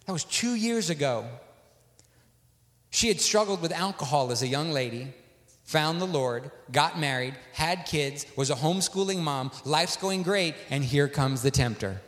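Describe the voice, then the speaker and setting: A male preacher delivering a sermon in an animated storytelling manner, acting out dialogue. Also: fairly high pitch, a little slow. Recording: long hall reverb.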